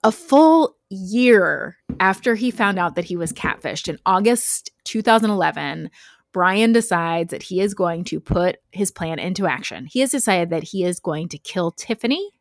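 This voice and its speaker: A woman's voice: lowish voice, lively intonation, normal speed, dry recording, studio quality. A woman hosting a podcast, casually telling a true crime story with frequent fillers and laughs. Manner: chatty, laughs often, lots of "like" fillers.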